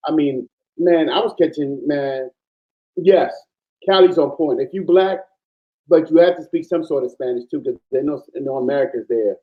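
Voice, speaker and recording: A man from Panama, a guest in casual chat, telling stories in an animated, emphatic way over muffled lo-fi audio. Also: a little high, normal speed.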